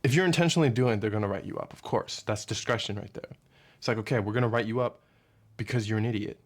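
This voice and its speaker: Talking fast in a lowish voice, a young man vents to his camera vlog-style, profane and meandering, frequently forgetting where he was going. At points he mimics his boss in a quiet, mocking tone.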